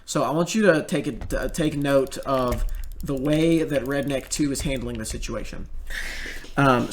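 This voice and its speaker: A man's voice: a little high, a little hiss or hum. Rambling, profane young man. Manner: rambling, profane, many fillers and restarts. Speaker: commentator. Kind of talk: casual storytelling commentary.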